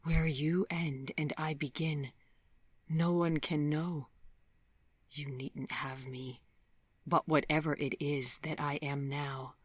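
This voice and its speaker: An anguished, devoted young man from an audiobook romance, murmuring his pleas in a soft, low half-whisper, as a female narrator takes his part. He speaks slowly, every word tender and grieving, recorded close and dry. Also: slightly rough, no room sound, full character voice. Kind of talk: audiobook dialogue.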